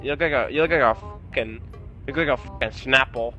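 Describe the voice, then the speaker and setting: A man's voice: medium pitch, quick pace, pushed and bright, dull audio, faint music behind. A man in a gaming match who taunts his rival with brash, crude trash talk. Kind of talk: trash-talking gameplay chat.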